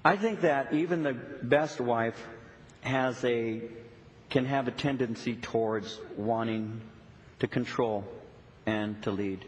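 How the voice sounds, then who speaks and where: A middle-aged male pastor preaching a sermon, telling a story with lots of repeated "and"s and lively retelling. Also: medium pitch, slow pace, lo-fi sound. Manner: storytelling, animated, with many repeated "and"s. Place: church sanctuary. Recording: long reverb of a church hall.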